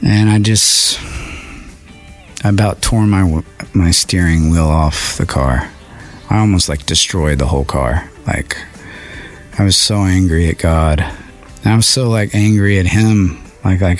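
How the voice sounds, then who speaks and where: Man, very low voice, earnest halting interview storytelling, faint music underneath. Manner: earnest, halting, many fillers. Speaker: songwriter interview guest.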